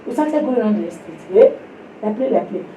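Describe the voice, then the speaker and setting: A woman preaching a sermon to a women's fellowship, telling a personal testimony in an animated way and acting out the voices of the people in it. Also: medium pitch, fairly quick, lo-fi sound, slight background noise. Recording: echoey room, distant mic.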